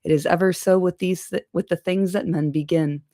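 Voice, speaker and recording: A woman voicing a gruff, proud male dwarf warrior in an amateur audiobook reading. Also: fairly low pitch, fairly even intonation, moderate pace, warm tone, no room sound, clean studio sound, natural voice. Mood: gloomy.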